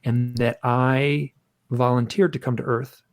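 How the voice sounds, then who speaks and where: A man with a middle-pitched voice and a gravelly edge. He tells his story as an interview guest, animated, acting out the voices of the people in it. He sounds dry and close. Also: a little slow, dry recording, faint music behind. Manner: animated, acts out his own shouting and quotes.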